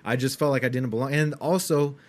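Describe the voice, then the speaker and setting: A man's voice: medium pitch, steady tone, fast. Young man, casual podcast chat, swears a lot, laid-back storytelling. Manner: loose, swearing, storytelling with laughs.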